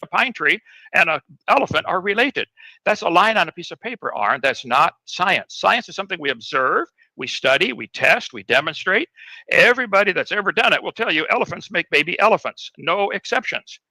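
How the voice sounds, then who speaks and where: A man's voice: high voice, very animated, fairly quick, pushed and bright, no room sound, rough recording. A man arguing insistently and dismissively in a recorded debate. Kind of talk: debate argument.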